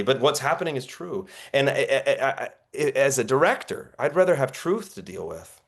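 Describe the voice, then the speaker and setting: A man's voice: medium pitch, very animated, moderate pace, hardly any pauses. A man coaching actors in an online workshop, telling stories in an earnest, reflective way over a video call. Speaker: acting coach.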